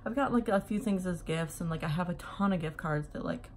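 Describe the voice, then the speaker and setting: A woman's voice: on the low side, brisk, slight background noise. A young woman vlogger chatting casually through a get-ready-with-me, slightly out of breath, full of ums and likes. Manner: chatty, many fillers like "um" and "like". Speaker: beauty vlogger.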